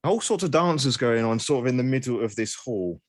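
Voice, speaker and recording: A man's voice: mid-range voice, animated, fairly quick, dry recording. A man narrating as game master, wry and self-mocking, with frequent restarts.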